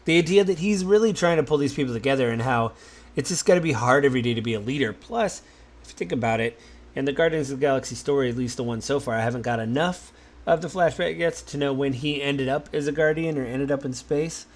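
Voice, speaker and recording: A married man hosting a podcast, talking in a relaxed, musing way, with many fillers and restarts. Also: mid-range voice, fast. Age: adult, married. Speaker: podcast host. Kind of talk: casual solo podcast talk.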